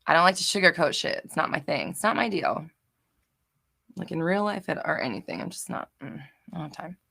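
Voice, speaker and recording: A young woman hosts a live question-and-answer chat with a bright, forceful voice. She is expressive and loud by nature, curses casually and often pushes into passionate, shouty tirades. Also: fairly low pitch, brisk, creaky. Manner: expressive, boisterous and loud, swears freely, bursts into shouty rants. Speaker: manifestation channel host.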